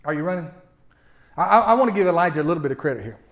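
A male pastor, preaching a folksy sermon that swings from loud to hushed and often repeats his opening words. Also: fairly high pitch, very animated, racing. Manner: repeats words when starting sentences.

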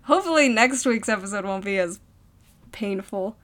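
A woman's voice: medium pitch, animated, normal speed, a bit bright. A young woman co-hosting a podcast, chatting casually with wry jokes and frequent laughter. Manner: giggly, wry. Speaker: podcast co-host. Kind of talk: casual chat.

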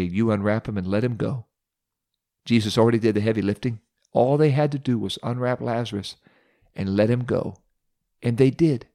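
Dramatic male preacher telling a story. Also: medium pitch. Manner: dramatic, expressive retelling. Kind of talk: sermon storytelling.

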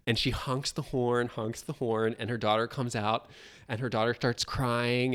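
A man co-hosting a podcast in casual chat, animated, laughing often and acting out what others said. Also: mid-range voice, moderate pace. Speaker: podcast co-host.

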